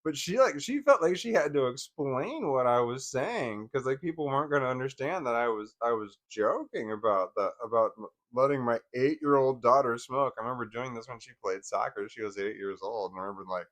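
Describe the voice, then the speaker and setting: A man in his forties casually telling personal stories, wry and laughing at first, trailing off into bitter quiet. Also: medium pitch, lively intonation, a little fast, hardly any pauses. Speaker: vlogger.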